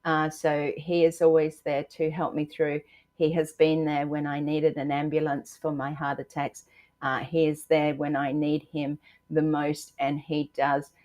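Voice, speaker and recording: An Australian woman in her sixties hosts a live stream and talks to her viewers directly. Her voice sits low, and she speaks in an encouraging way, reading out comments and filling her pauses with ums and uhs. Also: level tone. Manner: warm, encouraging, many fillers, reads out viewer comments. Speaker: livestream host.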